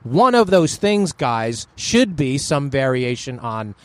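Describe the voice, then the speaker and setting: A man hosting a podcast, chatting in a joking, animated way. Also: medium pitch, takes it slowly. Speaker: podcast host. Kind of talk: casual chat.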